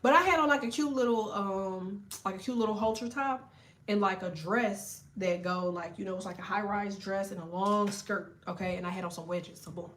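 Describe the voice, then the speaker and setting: A woman tarot reader ranting to camera in a blunt, profane, animated way while telling a story. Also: medium pitch, moderate pace, slight background noise. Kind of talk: casual tarot rant to camera.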